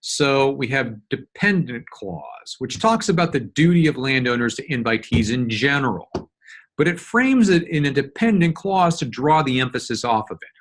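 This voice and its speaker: A man of middle pitch gives a recorded law lecture, talking through a document line by line. He explains patiently and evenly, often pausing on fillers and restarting his sentences as he thinks. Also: expressive, fairly bright tone. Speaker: law instructor. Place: solo screen-recorded lecture.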